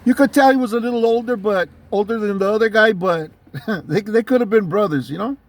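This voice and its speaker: High-voiced man telling a street story. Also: brisk, no room sound. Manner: street slang, frequent restarts, conversational. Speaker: channel host. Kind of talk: casual storytelling to camera.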